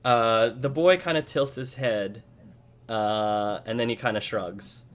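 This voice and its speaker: A man runs a tabletop game as game master, narrating in an unhurried way. His voice sits at a middle pitch, and he pads his lines with pauses and fillers.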